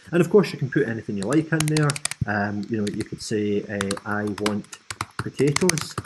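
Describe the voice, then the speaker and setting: A Scottish man from Scotland hosting a screen-recorded software tutorial, explaining in a casual, friendly way with frequent ums and asides. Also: medium pitch, a little hiss or hum, low-quality recording. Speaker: tutorial host.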